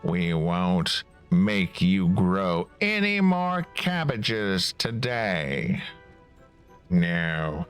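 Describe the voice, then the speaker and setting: A man's voice: deep voice, wildly swooping pitch, clean tone, faint music behind, full character voice. A man doing a sneering prison guard. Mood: mocking. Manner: taunting, drawn-out mocking delivery. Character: sneering male prison guard, bossy and scornful.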